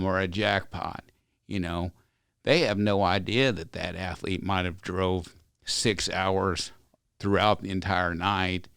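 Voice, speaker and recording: A man with a low-sitting, creaky, slightly bright, clean-toned voice is interviewed on a podcast about his life as a ranch company owner. His storytelling is folksy, earnest and rambling, in a casual interview style. The clean studio sound has no room ambience.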